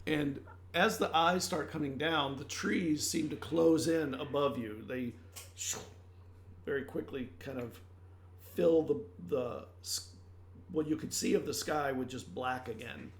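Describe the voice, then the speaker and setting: A man narrates a tabletop role-playing session as game master. His voice is a touch high and gravelly, and he feels his way through the description with frequent restarts. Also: unhurried, slight background noise. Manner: loose, searching narration with many restarts. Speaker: dungeon master.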